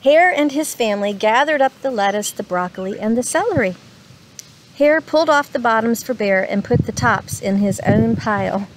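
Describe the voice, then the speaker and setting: A woman reading a picture book aloud to children, slow and expressive, stopping to ask her listeners questions. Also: fairly high pitch, a little hiss or hum.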